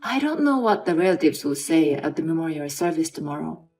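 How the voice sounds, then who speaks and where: A woman's voice: low-pitched, big pitch swings, fairly quick, darkish tone, soft background music. A woman voicing an adult husband in a dramatized story. He pleads and makes demands, then brushes things off. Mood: pleading.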